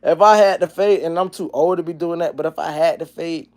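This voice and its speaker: A man in his forties hosting a casual livestream, rambling and profane, dropping to low mumbles and then breaking into loud, animated rants. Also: brisk. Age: 40s. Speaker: livestream host. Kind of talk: casual livestream chat, reading chat comments.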